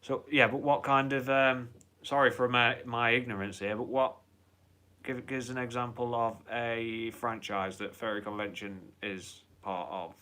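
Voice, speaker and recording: A man's voice: mid-range voice, fairly even intonation, normal speed, bright, forceful tone. A man hosting a casual live stream, chatting in a rambling way, swearing freely and reading out viewer comments.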